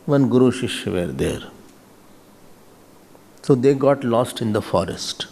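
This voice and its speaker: A man with an Indian accent giving a spiritual discourse as a swami, animated and switching between English and Hindi. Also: mid-range voice, measured pace. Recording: reverberant hall.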